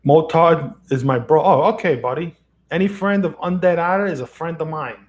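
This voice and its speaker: Livestreaming from his lamp-lit room at home, a man with a high-leaning voice chats casually at a moderate pace. He rambles and frequently chuckles into an XLR microphone that sits on a box.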